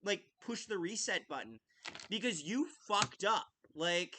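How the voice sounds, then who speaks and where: Bright, animated man ranting on a podcast. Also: sits high, measured pace. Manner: ranting, impassioned, frequent "like" fillers and restarts; swearing. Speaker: podcast host. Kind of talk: casual live-stream commentary.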